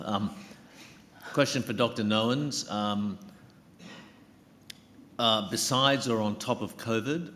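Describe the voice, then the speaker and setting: Man, low pitch, audience question, informal, hall reverb and faint room hum. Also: takes it slowly, long pauses, a bit bright. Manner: informal, self-deprecating, stumbling. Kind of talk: question from the floor.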